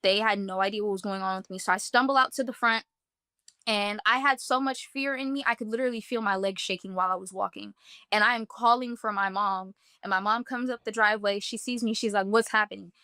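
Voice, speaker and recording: A woman's voice: medium pitch, a little fast, sharp tone, clear, resonant tone, no room sound, studio quality. A woman earnestly recounting a personal experience in vivid first-person detail, talking casually with many "like" fillers. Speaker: guest telling a personal testimony. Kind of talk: emotional first-person storytelling.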